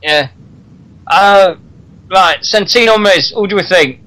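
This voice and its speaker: Brief: male radio host, bright, slightly high voice, chatty, calls people mate. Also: slow pace, poor audio. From Britain. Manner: chatty, laughs often, says "mate". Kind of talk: casual wrestling chat.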